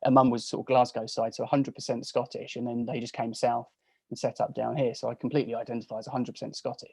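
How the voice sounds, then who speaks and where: A man's voice: mid-range voice, level tone, quick pace, creaky, a little mellow, breathy edge, dry recording. A man in his forties from England, chatting as a podcast guest on a video call, telling stories in a chatty, self-mocking way. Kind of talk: casual chat.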